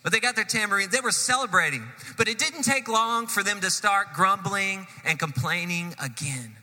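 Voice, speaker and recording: A man preaching a sermon, telling a story with animated swells and sudden drops in loudness. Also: high-pitched, normal speed, big-room sound. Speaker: pastor.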